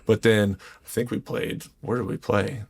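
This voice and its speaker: A man in his forties, a former pro quarterback, telling stories in a relaxed, casual chat. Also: on the low side, moderate pace, creaky, breathy edge, dry recording, clean studio sound. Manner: relaxed storytelling, repeats phrases. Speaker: former NFL quarterback guest.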